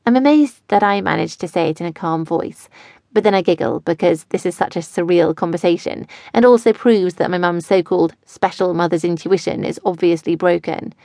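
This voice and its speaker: A woman's voice: fairly low pitch, a little fast, warm tone, no echo, studio quality. A woman narrating a first-person audiobook in a wry, chatty way. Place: studio.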